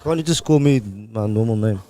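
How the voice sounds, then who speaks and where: A man's voice: mid-range voice, brisk, mellow. A man who is a club cricket pro, chatting casually in a laconic, modest way. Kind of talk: casual chat.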